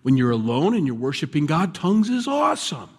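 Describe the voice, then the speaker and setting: A man preaching a sermon in a relaxed, conversational way, now and then raising his voice in animated bursts. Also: on the high side, a little fast, husky. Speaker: pastor. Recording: long hall reverb.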